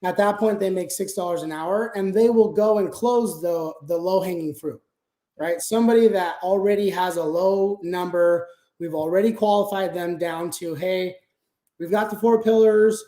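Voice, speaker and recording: A man's voice: high voice, moderate pace, dark tone, reverberant. A man talking casually as an interview guest about managing a sales team, explaining things step by step with frequent fillers.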